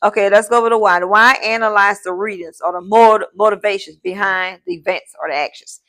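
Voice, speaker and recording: A woman's voice: mid-range voice, fairly even intonation, fairly quick, bright, forceful tone. A woman teacher giving a classroom lesson in an informal way. She repeats key points and keeps checking in with the class. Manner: repetitive, checking in with "okay?" and "all right?"; informal, addresses the class as "y'all".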